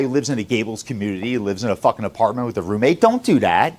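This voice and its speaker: A man's voice: very animated, a little fast, hardly any pauses. A man who runs a sales company, lecturing his staff in a blunt, profane motivational talk. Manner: blunt, profane, lecturing, swings between loud and low.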